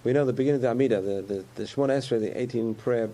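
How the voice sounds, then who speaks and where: A man's voice: mid-range voice, rapid-fire, dark tone. A man giving a conversational sermon about faith, repeating phrases and chuckling often.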